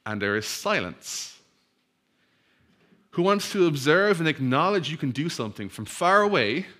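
A male pastor delivering a sermon, telling a story with humor and switching to a quiet, earnest prayer. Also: fairly high pitch, sing-song. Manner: storytelling, acts out crowd voices, laughs easily; hushed, slow prayer.

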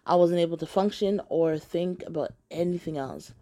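A woman tells a personal story straight to the camera, candid and blunt, cutting in with sharp rhetorical asides. Her voice sits a little low. The tone is mellow and warm, never bright. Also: normal speed, few pauses. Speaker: vlogger. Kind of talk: storytime narration.

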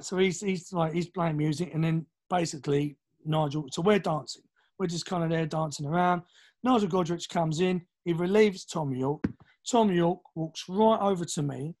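Man, London accent, higher-pitched voice, casual podcast storytelling, animated, acts out other people's voices. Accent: London English. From East London, England. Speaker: podcast guest, drummer.

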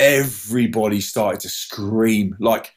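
A man telling a personal story in an animated way, stumbling over restarts and acting out other people's cries. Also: takes it slowly. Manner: acts out voices with sudden high yelps; many restarts and repeated words.

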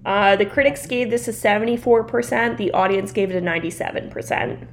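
A woman's voice: mid-range voice, brisk, slight background noise. A young woman co-hosting a podcast, chatting casually, rambling with lots of "like" and laughing often. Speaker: podcast co-host. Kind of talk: casual chat.

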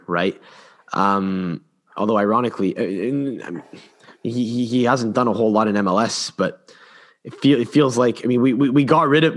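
Opinionated male podcast host, lowish voice. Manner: rambling, repeats words and restarts often; opinionated, animated. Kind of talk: casual football chat.

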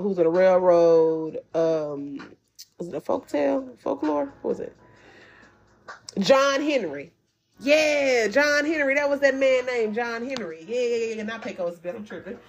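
A woman's voice: on the high side, darkish tone, rough recording. A woman talking loosely and conversationally as a tarot reader, full of slang and self-interruptions. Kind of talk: casual spiritual reading for viewers.

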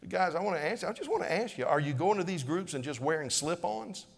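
A man's voice: fairly high pitch, lively intonation, fast, gravelly, few pauses. A middle-aged male pastor preaching a sermon in a church, earnest and pleading, repeating phrases as he presses a point. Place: church sanctuary. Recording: long hall reverb.

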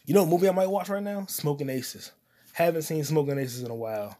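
A man hosting his own solo comedy podcast, cursing often and rambling while he eats popcorn, his voice swinging between loud outbursts and mutters. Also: quick pace. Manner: profane, loud swings in volume and pitch; eating popcorn while talking. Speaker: podcast host.

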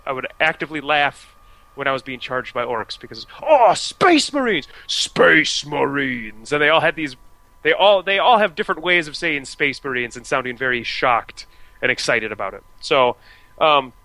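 A man's voice: medium pitch, moderate pace, sharp tone, no room sound, low-quality recording. An American man talking casually about video games as a podcast co-host, chatty and full of restarts and fillers. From United States. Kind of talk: casual video game discussion.

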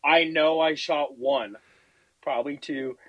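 A man hosting a podcast, telling a hunting story in casual, profane, animated chat, acting out the quotes. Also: a little high, slow, muffled recording, over a noisy crowd. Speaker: podcast host.

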